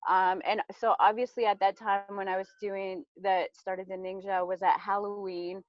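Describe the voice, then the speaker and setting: A woman's voice: mid-range voice, level tone, normal speed, no echo, lo-fi sound. A mother in her thirties giving a casual personal testimony, chatty and full of "like", acting out her own past thoughts as she talks.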